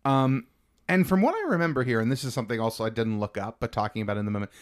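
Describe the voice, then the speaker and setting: A man's voice: mid-range voice, lively intonation, rapid-fire. A man hosting a podcast, enthusiastically walking through film scenes in a casual way with frequent "like". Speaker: podcast host.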